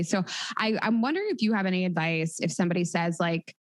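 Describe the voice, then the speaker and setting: A woman co-hosting a podcast, asking questions in quick, chatty bursts. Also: fairly low pitch, no echo. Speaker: podcast co-host. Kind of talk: casual podcast interview.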